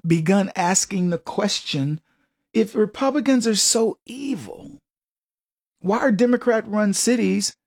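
Husky-voiced male radio talk host. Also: high voice, darkish tone. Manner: emphatic and sarcastic, laughs at his own jokes. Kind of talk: political commentary monologue.

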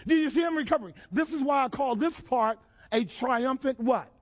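A high-pitched male pastor preaching with fervor. He questions his listeners directly and climbs into shouted, emphatic lines. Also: moderate pace. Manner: preaching with call-and-response questions and rising shouts. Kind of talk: sermon.

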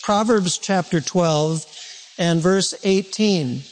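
A man's voice: high-pitched, slow, slight background noise. A male pastor preaching a sermon in a church, conversational and self-deprecating, often restarting his sentences.

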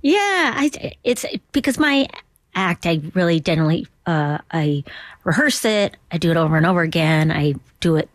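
A woman's voice: fairly low pitch, sing-song, normal speed, no echo. A middle-aged woman from Duluth, a comedian chatting in an interview in a playful way that slips into little impressions and whispers. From Duluth, Minnesota. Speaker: comedian guest. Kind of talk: casual interview chat.

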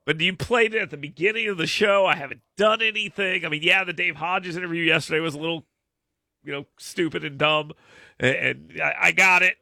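A man in his thirties hosts a loose, chatty talk show in a rambling, self-mocking way. His slightly high voice has a gritty, fried edge and a very bright, sharp tone. The sound is close and dry. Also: fairly quick, creaky, no room sound. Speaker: radio show host. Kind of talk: casual chat with co-hosts.

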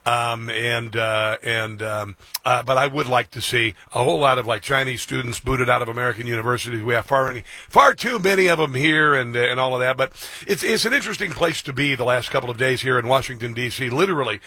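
A male talk radio host delivering a combative political monologue full of fillers and false starts. His voice is bright and somewhat husky, a little higher than most men. The sound is dry and close. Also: brisk, no room sound. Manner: rambling, many fillers and restarts, combative.

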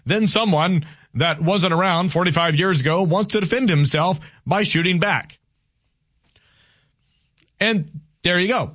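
A man's voice: on the high side, a bit bright. A man hosting a talk radio show, giving opinions in a loose conversational monologue and reading listener texts aloud.

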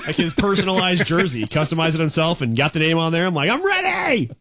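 A man's voice: fairly high pitch, fast, a crowd in the background. A man co-hosting a casual sports talk radio show, joking and laughing often, with hedging fillers.

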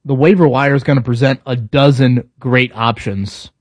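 A man's voice: mid-range voice, fairly even intonation, moderate pace, no echo. Guy cohosting a sports show, chatty, lots of ums, dry mic. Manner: conversational, stop-start with fillers. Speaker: sports radio co-host. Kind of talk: casual sports talk.

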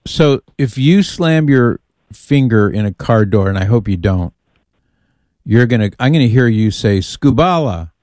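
A man's voice: mid-range voice, lively intonation, a little slow, a little mellow, no room sound, clean studio sound. A man hosting a radio call-in show, trading folksy jokes with callers and his co-host in casual on-air banter. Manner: folksy, joking, takes calls and chats with his co-host. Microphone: studio microphone.

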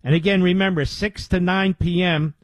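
A man's voice: high voice, steady tone, normal speed, no room sound, low-quality recording. A man hosting a radio talk show, speaking in an emphatic, self-assured on-air monologue.

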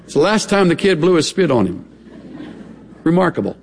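Animated middle-aged preacher in a reverberant hall. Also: male voice, a little high, fairly quick, creaky, a little hiss or hum. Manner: animated, playful, chuckling. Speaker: pastor. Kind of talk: sermon with humorous storytelling.

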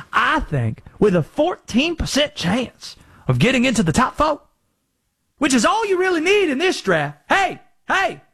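A man's voice: a little high, no room sound, clean studio sound. A man putting on a Southern accent to voice a theatrical, conspiracy-minded male sports pundit on talk radio. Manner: drawling, theatrical, rhetorical questions.

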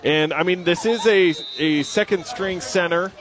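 A man's voice: sits high, measured pace, a crowd in the background. Upbeat young-sounding football play-by-play man. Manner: energetic, joking, reads sponsor ads between plays. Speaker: play-by-play announcer. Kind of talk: live high school football commentary.

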